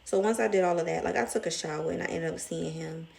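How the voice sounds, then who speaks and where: A woman's voice: fairly low pitch, fast, gravelly, a little mellow, a little hiss or hum. A young woman with a Southern US accent, rambling emotionally in a casual storytime vlog. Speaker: vlogger.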